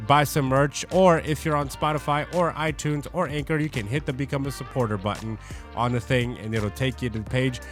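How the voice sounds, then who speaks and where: A man's voice: medium pitch, fairly even intonation, fairly quick, soft background music. A man co-hosting a faith podcast, talking loosely and casually with lots of "like" fillers. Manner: loose and conversational, many "like" fillers. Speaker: podcast co-host. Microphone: studio podcast mic.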